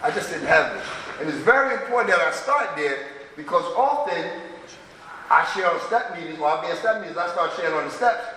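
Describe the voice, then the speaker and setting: A man's voice: on the high side, expressive, a little fast, bright, forceful tone, slight background noise. A middle-aged man telling raw, profane stories of his past at a twelve-step recovery meeting. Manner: raw, profane, street-talking storyteller. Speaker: speaker sharing at a recovery meeting. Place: large meeting hall. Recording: echoey hall, distant mic.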